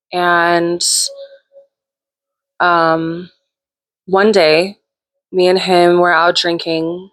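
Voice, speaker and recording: A woman's voice: fairly low pitch, fairly bright tone. Frank, profane woman telling a story. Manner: candid, profane, chatty. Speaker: host. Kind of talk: casual storytelling.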